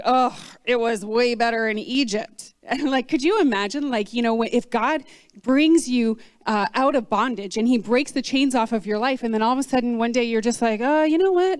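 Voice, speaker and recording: A woman pastor preaches in a loose, chatty way and slips into playful voices when she quotes complainers. Her voice sits a little high and comes through smooth and resonant. The sound is dry and close, with almost no room echo. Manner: conversational, animated, acts out voices of complainers. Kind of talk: sermon. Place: church.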